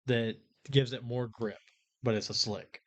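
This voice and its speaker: A man's voice: medium pitch, fairly even intonation, unhurried, dull audio, a crowd in the background. A man co-hosting a podcast, explaining things at length in casual chat. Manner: explains at length with fillers and restarts. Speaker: podcast co-host.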